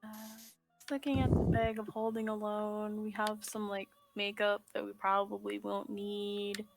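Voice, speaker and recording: A woman's voice: medium pitch, level tone, normal speed, gravelly, soft background music. A woman playing in an online tabletop game, listing items in a loose, rambling way. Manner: rambling, lots of ums and likes. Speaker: player. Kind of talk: casual game chat.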